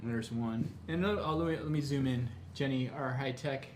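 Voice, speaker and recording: A man hosting a live painting lesson, walking viewers through each brushstroke in an easygoing, talkative manner. His voice sits at an ordinary middle pitch. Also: moderate pace, slight background noise. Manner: relaxed, chatty, step-by-step explaining. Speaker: painting instructor. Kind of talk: live tutorial demonstration.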